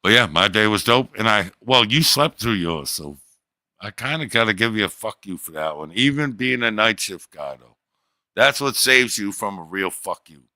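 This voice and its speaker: A middle-aged man with a very low voice that still has a bright, forceful edge, hosting a livestream in casual chat. He talks in a crude, boastful way and teases his listeners. The sound is dry and close to the mic. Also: animated, moderate pace, dry recording. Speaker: livestream host.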